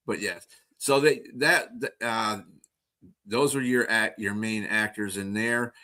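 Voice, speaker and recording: Low-voiced guy reading off movie facts, lots of uhs, punchy tone. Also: steady tone, bright, forceful tone. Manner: halting, many filler "uh"s. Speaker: podcast co-host. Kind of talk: casual chat reading out film facts.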